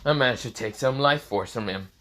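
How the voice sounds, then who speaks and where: A man voicing a small cackling purple fire creature that talks in a soft, low chant. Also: a little fast, natural voice. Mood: eager.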